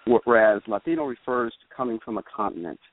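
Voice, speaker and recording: A man, a political theorist as guest, explaining in a measured way and often checking with "right?". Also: lowish voice, no room sound. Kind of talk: explanatory interview talk. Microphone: phone. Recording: tinny dry phone line.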